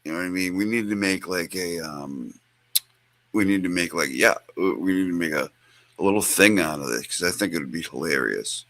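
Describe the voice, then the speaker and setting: A man's voice: low voice, fairly quick, a bit bright. A man hosting a show, chatting casually in a rambling, profane way. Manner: rambling and profane, with many fillers. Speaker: show host. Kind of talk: casual chat.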